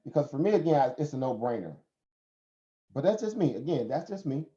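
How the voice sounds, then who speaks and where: This Southern American host has a medium-pitched, mellow voice with a sing-song lilt, and he talks a little fast on his casual live stream. His delivery is preachy, sprinkled with rhetorical questions and frequent laughter. The audio is dull, roomy, and lo-fi.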